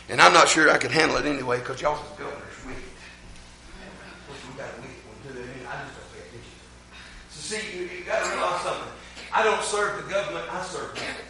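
A man with an Appalachian accent preaching a loud, fervent sermon in a large church hall, breaking in with amens. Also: high voice, slight background noise. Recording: echoey hall, mic from a distance.

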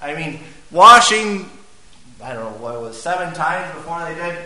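Bright-voiced preacher in an echoey church. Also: male voice, fairly high pitch, big pitch swings, normal speed. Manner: conversational, quizzes the congregation. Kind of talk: sermon.

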